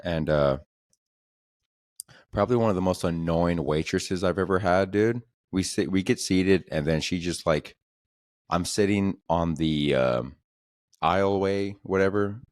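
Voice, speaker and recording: A man's voice: deep voice, normal speed, a little mellow, dry recording. A man hosting a podcast, telling comedic stories in a casual, profane, slangy way that keeps coming back to "dude". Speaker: podcast host.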